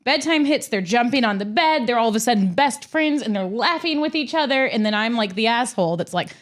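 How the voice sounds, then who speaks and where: A woman in her thirties co-hosting a podcast, chatting in an animated, sympathetic way about bedtime with her young kids. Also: a little high, fairly quick. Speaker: podcast co-host. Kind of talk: casual chat.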